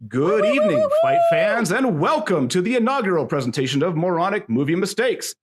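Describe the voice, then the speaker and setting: A man's voice: high-pitched, wildly swooping pitch, very noisy, voice pushed up. A man putting on the voice of a showy male wrestling announcer who hypes up the fight crowd. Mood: hyped. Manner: showy, drawn-out ring announcer delivery.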